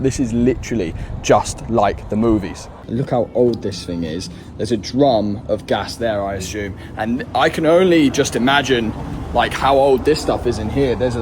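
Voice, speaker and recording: A man's voice: medium pitch, noisy background. A man vlogging outdoors beside an old gas station, amazed and enthusiastic. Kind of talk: casual vlog.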